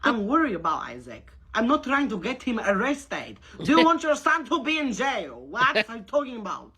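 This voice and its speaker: A woman doing a pushy neighbor with a thick, odd foreign accent and broken grammar, phoning to complain. The voice is bright and forceful, with a breathy edge, and she presses on insistently. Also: on the high side, sing-song, moderate pace, exaggerated voice. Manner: broken grammar, insistent, calls the other "honey". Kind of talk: prank call.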